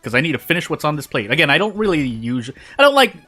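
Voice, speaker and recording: A man with a fairly high, bright voice talks through a horror game on stream. His pitch jumps around a lot as he rambles, repeats phrases and restarts mid-sentence between bites of food. Soft game music plays underneath. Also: lively intonation, racing, husky. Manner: talks while eating. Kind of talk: casual gameplay commentary.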